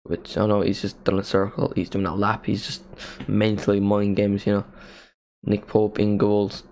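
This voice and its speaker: A man hosting a live match watchalong, giving casual play-by-play commentary with jokey asides and excited calls. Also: on the low side, normal speed.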